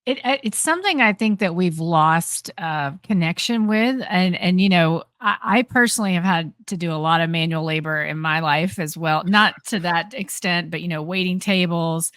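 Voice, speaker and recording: A woman's voice: fairly low pitch, normal speed, hardly any pauses, fairly bright tone, clear, resonant tone, no echo, clean studio sound. A woman hosting a podcast, reflecting thoughtfully in long musing sentences. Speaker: podcast host. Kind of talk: casual interview chat.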